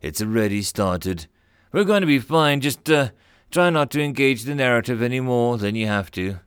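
A man's voice: mid-range voice, expressive, moderate pace, clean tone, no echo, studio quality, natural voice. A man voicing a nervous, bitter male alien starship captain in an audiobook story. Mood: quiet. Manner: anxious, bitter.

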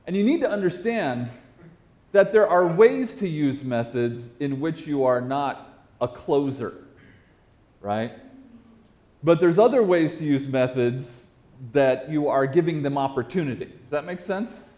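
Preacher guy telling a story, jokey, voice bouncing all over, kinda high. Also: unhurried. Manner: animated, self-mocking humor, repeats words. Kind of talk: storytelling sermon.

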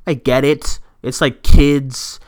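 This man co-hosts a movie news podcast over a remote setup, ranting casually with plenty of swearing and frequent laughter. He's animated, with a mid-range voice and a slow pace.

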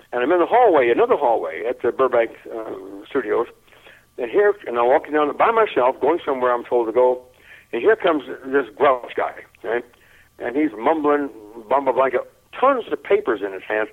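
An older man telling a lively anecdote in an interview, chuckling often and repeating his words as he goes. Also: mid-range voice, normal speed. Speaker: interview guest. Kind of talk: anecdotal storytelling. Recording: tinny phone-like line.

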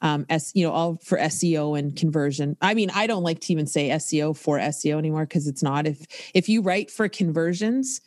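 A woman's voice: deep voice, a little fast, few pauses, darkish tone, no room sound, studio quality. A woman hosting a casual podcast interview, frank and chatty, who swears casually. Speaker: podcast host.

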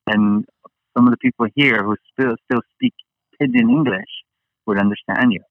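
A man's voice: medium pitch, huge pitch swings, normal speed, vocal fry, no room sound, phone-quality sound. A man from Hawaii, a guest chatting casually and rambling with many fillers and restarts. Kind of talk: casual interview chat.

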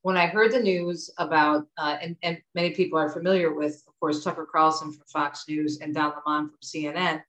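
A middle-aged woman from the United States with a lowish voice talks as an interview guest. She tells stories in a lively, chatty way. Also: fairly quick, few pauses, low-quality recording. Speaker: author and guest. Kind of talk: conversational interview.

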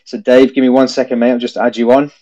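A man's voice: medium pitch, flat delivery, fast, mellow, highs cut off. A man hosting a casual phone-in podcast, chatty, laughing easily and calling people mate, recorded on a phone. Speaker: podcast host.

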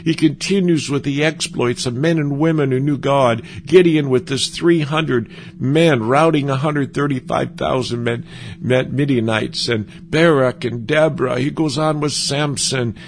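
A man's voice: mid-range voice, fairly even intonation, creaky. A man giving an earnest, conversational sermon as a preacher, often stumbling and restarting his sentences. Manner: earnest, halting with frequent restarts.

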